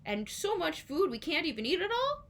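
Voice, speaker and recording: A woman's voice: very high-pitched, sing-song, moderate pace, fairly bright tone, pitched above the performer's own voice, exaggerated voice. A woman voicing a greedy, scheming male sheriff who gloats and coos over riches in a storybook.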